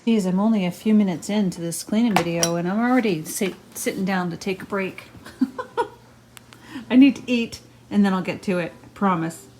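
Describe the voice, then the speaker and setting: A woman's voice: medium pitch, normal speed, a little mellow, a little hiss or hum. A woman vlogging at home as she cleans, chatting in a rambling, self-mocking way, with a camera mic. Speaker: vlogger, housewife. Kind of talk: casual chat while cleaning. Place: home, indoors and yard.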